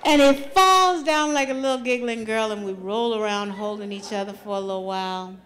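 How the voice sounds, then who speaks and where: A woman's voice: mid-range voice, brisk, slight background noise. A woman telling a funny true story on stage at a live storytelling night, laughing through her lines and swearing freely. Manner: animated, laughs through lines, salty language. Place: stage at a live venue with an audience.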